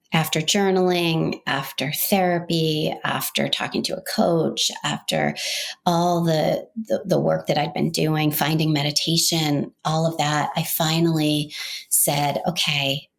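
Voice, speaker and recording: A woman's voice: deep voice, gravelly. A middle-aged woman from Maine, a podcast host telling her own story in an earnest, heartfelt, reflective way. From Maine, United States.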